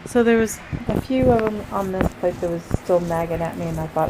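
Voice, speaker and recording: A woman's voice: fairly low pitch, fairly quick, heavy background noise. A woman vlogging casually about nail stamping from her home craft room, chatty and rambling, sounding sleepy. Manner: chatty, rambling, self-correcting. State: sleepy, yawning. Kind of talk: casual chat to camera.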